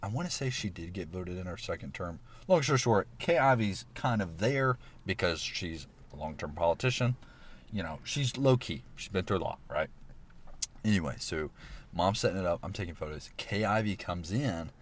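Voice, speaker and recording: A man tells a story in a relaxed podcast conversation. His voice sits very low, yet the pitch swings widely as he gets animated. A faint ambient hum sits behind him. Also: moderate pace. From Alabama. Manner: animated, laughs often, says "bro". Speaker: podcast guest. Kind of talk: casual storytelling.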